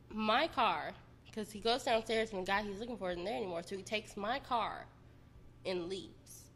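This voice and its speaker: A woman's voice: medium pitch, fairly bright tone. A woman recounting her own experience in plain, unpolished talk. She is blunt and freely profane, with a voice of ordinary height for a woman. A faint noise sits behind her. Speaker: storyteller. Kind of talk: casual personal storytelling.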